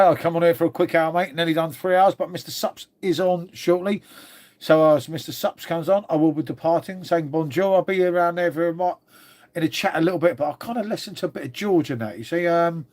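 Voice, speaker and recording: A middle-aged man from England chats through a live stream in a loose, rambling way, swearing freely and calling everyone mate. His voice sits slightly higher than most men's. He talks as if to a crowd of regulars. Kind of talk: casual live stream chat.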